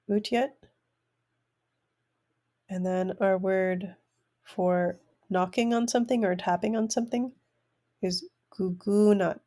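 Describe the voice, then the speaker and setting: A woman teaching an online language class, pronouncing each word slowly and repeating it for learners. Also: medium pitch, warm tone. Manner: slow, careful word-by-word pronunciation, repeating each word.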